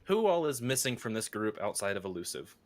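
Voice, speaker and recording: A man's voice: lowish voice, big pitch swings, a little fast. A young man narrating a tabletop game as game master, rambling with many fillers and restarts.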